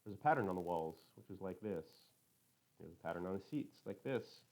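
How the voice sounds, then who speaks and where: A man's voice: low voice, lively intonation, brisk, darkish tone, low-quality recording. A man narrating an audiobook in first person, in a literal, matter-of-fact, detailed way.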